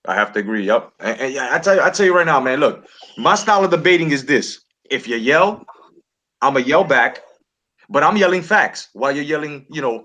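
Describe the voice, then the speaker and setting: A man's voice: on the high side, expressive, fairly quick, bright, forceful tone. A man hosting a casual podcast chat, brash and streetwise, swearing freely. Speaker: podcast host.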